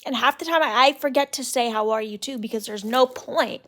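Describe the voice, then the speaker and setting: A woman's voice: high voice, fairly quick, a bit bright. A young woman in a casual solo rant, talking with exasperated mocking asides and lots of "like" and "literally". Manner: exasperated, mocking mimicry of others; casual filler-heavy speech, "like" and "literally". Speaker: podcast host.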